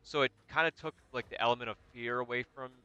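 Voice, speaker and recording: Bright-voiced man telling animated stories. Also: mid-range voice, quick pace, smooth, no echo, lo-fi sound. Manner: animated storytelling with swearing. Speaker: host. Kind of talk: casual chat while gaming.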